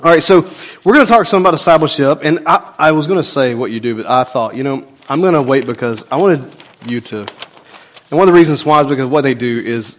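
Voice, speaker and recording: A man, a pastor giving a folksy, emphatic sermon in church and swinging between loud and soft. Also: mid-range voice, fast. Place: church sanctuary.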